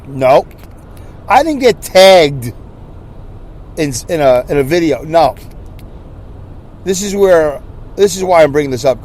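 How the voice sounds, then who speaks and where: A male podcast host tells a story in a lively, exasperated rant. His fairly high voice jumps up and down as he restarts his sentences, keeping a casual, talk-to-the-listener tone. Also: a little hiss or hum. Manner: animated, exasperated ranting with repeated restarts.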